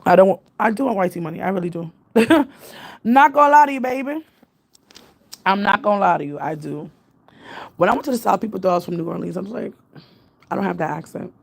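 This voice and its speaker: A young New York woman rambles through a casual livestream chat, her voice carrying a gravelly fry. She laughs often and drifts from one thought to the next. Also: on the low side, fast. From Jamaican family. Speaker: vlogger.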